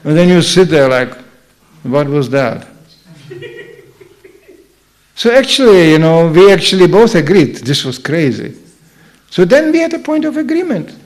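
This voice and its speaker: A man's voice: sits high, big pitch swings, normal speed. A man with a Slovenian accent giving an informal spiritual talk, telling stories and acting out the voices of the people in them. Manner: storytelling, acts out quoted voices. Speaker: speaker at a temple program.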